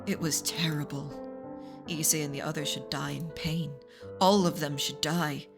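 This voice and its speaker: A woman voicing a dead young male pigeon, bitter and mournful, speaking low, slow and hushed over game music. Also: steady tone, vocal fry.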